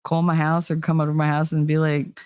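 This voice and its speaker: A woman's voice: sits low, completely flat delivery, fast, a little mellow, clean tone, no echo. A woman host telling stories in a loose, rambling way on her livestream, full of "you know" and "like" and breaking into laughter now and then. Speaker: streamer and channel host. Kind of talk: casual storytelling chat on a livestream.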